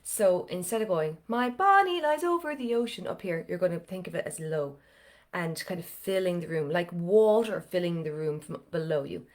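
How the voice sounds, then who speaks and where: A woman's voice: lowish voice, steady tone, moderate pace, mellow. A woman, a vocal coach leading a live online singing lesson in a chatty, encouraging way, her voice slightly strained today. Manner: chatty, encouraging, gives step-by-step cues.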